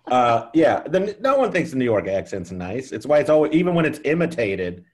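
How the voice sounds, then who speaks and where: A man's voice: mid-range voice, sing-song, darkish tone. A comedian from Texas, a podcast guest joking dryly in casual chat and often stopping to restart his sentences. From Texas, USA. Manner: dry, joking, self-mocking, with halting restarts.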